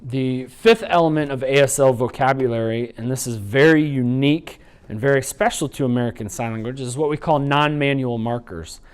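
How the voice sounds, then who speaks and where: A man teaching a sign language training unit in an instructional lecture, explaining patiently and slowing down to demonstrate. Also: mid-range voice, clean tone. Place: training video recording.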